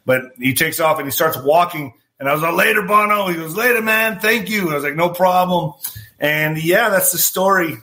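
A male podcast host with a bright, forceful voice set a bit above the usual pitch for men. He tells his story in a loose, chatty way, acts out each exchange of dialogue and swears freely. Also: moderate pace. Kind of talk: casual anecdotal storytelling.

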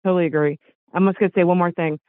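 A middle-aged man from the United States calls in over a tinny, phone-like line, speaking bone dry and close. His voice sits high for a man. He rambles, keeps apologizing, and sounds choked up as he goes. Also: fairly even intonation, racing, no room sound. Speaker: caller. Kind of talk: call-in chat.

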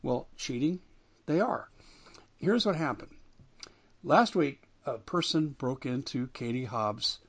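A man's voice: mid-range voice, expressive, a little slow, a bit bright. A man hosting a talk radio show, delivering an emphatic monologue that rises and falls with indignation. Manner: emphatic, rising and falling with indignation.

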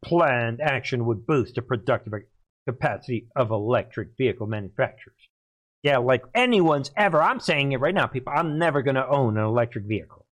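A man hosting a solo commentary show, excitable and quick to laugh, often talking loudly to his audience. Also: medium pitch. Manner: excitable, keeps laughing, calls the audience "people", gets loud. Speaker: channel host.

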